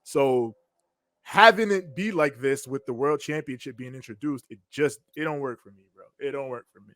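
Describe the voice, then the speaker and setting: A man's voice: mid-range voice, normal speed, dry recording. Slangy man recapping wrestling, dry sound. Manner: animated storytelling with slang, acting out quotes. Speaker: podcast co-host. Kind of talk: casual wrestling recap chat.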